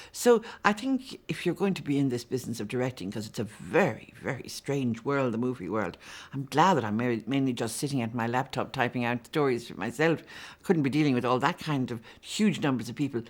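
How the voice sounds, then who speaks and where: A chatty woman in her sixties, a novelist answering interview questions warmly, often repeating words as she goes. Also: rumbling low. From Ireland. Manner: warm, chatty, lively with frequent repeated words.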